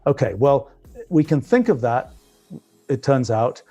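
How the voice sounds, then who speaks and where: A man's voice: mid-range voice, very animated, measured pace, dark tone, faint music behind. A man with a British accent giving a technical physics lecture, thinking aloud with frequent restarts as he explains.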